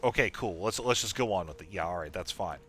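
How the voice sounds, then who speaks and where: A man's voice: low voice, lively intonation, fast talker, slight background noise. A man casually commenting while playing a video game, chatty and joking. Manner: chatty, joking, laughs often. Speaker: let's play host.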